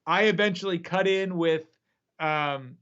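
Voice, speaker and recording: Animated man telling a story over lo-fi audio. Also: sits high, measured pace, smooth. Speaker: magician and app creator. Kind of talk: casual storytelling. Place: home studio. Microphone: video call.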